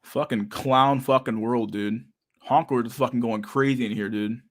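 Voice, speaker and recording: A man's voice: medium pitch, fairly even intonation, moderate pace. A young man hosting a casual livestream chat, talking in a profane, slangy and sarcastic way, often laughing. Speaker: livestream host.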